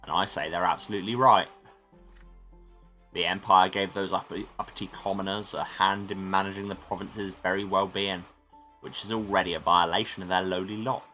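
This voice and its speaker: A man's voice: low voice, flat delivery, a little fast, bright, forceful tone, soft background music, pitched below the performer's own voice. A man voicing a pompous, haughty elderly aristocrat magistrate in a game. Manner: pompous, disdainful.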